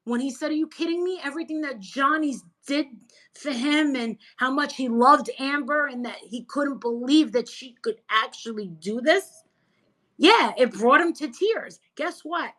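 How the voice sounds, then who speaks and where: High-voiced, animated gossiping woman. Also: a little slow, low-quality recording. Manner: animated, emphatic, gossipy storyteller. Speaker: interview guest. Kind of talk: casual chat.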